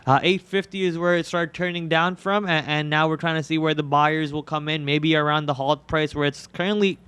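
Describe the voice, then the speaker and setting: This fairly high, fairly bright voice belongs to a young man born in India who runs a live day-trading stream. His delivery is flat as he fires off tickers and prices in a casual way, sprinkled with fillers, and the recording is clean with no room sound.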